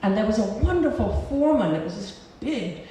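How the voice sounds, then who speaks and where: A woman telling a comic, animated personal story live on stage before an audience. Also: medium pitch, brisk, a little hiss or hum. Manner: animated, comic, laughing at her own story. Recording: roomy hall from a distance.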